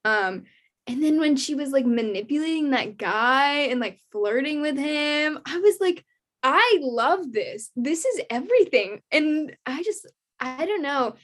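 A young woman in a casual book chat, gushing and laughing often, with lots of fillers. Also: sits high.

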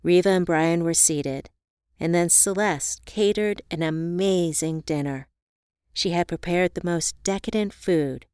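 Smooth-voiced woman narrating a novel. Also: lowish voice, measured pace, dry recording, studio quality. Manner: calm, even storytelling. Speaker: audiobook narrator. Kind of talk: first-person audiobook narration.

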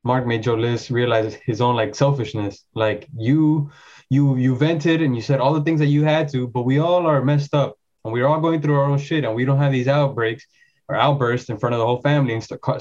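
A man's voice: mid-range voice, fairly even intonation, brisk, darkish tone. A man in casual chat, earnest and reflective, talking in long run-on sentences. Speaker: podcast co-host. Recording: slightly dull lo-fi sound.

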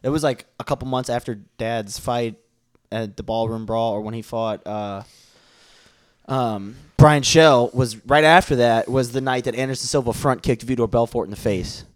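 A man's voice: mid-range voice, moderate pace. A man co-hosting a podcast, chatty and joking, often restarting his sentences. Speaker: podcast co-host. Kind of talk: casual chat.

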